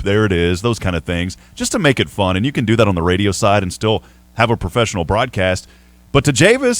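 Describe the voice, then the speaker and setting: A man's voice: lowish voice, dry recording. A man with a Southern accent, hosting a sports radio show in a chatty, rambling way with playful ribbing. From Texas. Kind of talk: casual sports talk.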